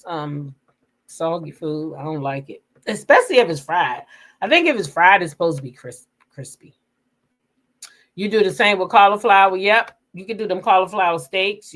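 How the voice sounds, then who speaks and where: A middle-aged woman with a somewhat low voice hosts a casual livestream chat. She talks with viewers in a chatty, candid way, laughing often and swearing without a second thought. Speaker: livestream host.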